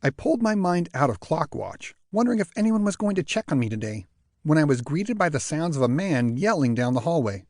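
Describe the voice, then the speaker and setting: A man narrating an audiobook in the first person with expressive storytelling. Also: fairly high pitch, a little fast, dry recording, studio quality.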